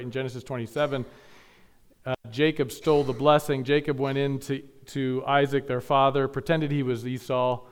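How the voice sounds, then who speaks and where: A male pastor preaching a sermon, building to emphatic peaks and dropping to quiet asides. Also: medium pitch.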